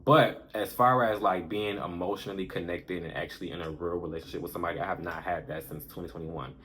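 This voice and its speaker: A man casually telling a candid, profane story about a past relationship straight to his viewers, animated and frank. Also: low-pitched, quick pace. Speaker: storytime vlogger.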